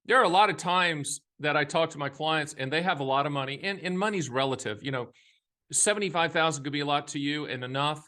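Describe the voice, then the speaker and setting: A man's voice: a little high, fast talker, pushed and bright. A man in his fifties hosting a casual monologue on retirement money, folksy and emphatic, with jokey asides and a touch of a Southern accent. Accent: Southern US at times. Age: 50s. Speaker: annuity advisor and show host.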